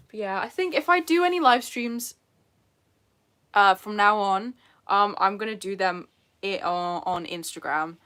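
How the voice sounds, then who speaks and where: A woman's voice: mid-range voice, expressive, slow, long pauses, a bit bright. Giggly young British woman livestreaming. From England. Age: young adult. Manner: giggly, chatty, self-deprecating, reading chat. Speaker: YouTuber live streaming. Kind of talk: casual live stream chat. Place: at home on a sofa.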